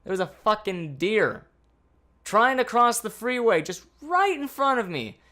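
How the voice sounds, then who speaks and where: A man telling a casual storytime vlog in an animated, anxious way, swearing freely. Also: high-pitched, unhurried. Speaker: vlogger.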